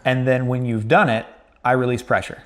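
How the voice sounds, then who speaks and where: A man's voice: medium pitch, flat delivery, normal speed, a bit bright. Man explaining with frequent "right?". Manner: conversational, repeats points, checks in with "right?". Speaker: dog trainer teaching a new trainer. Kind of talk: hands-on training explanation.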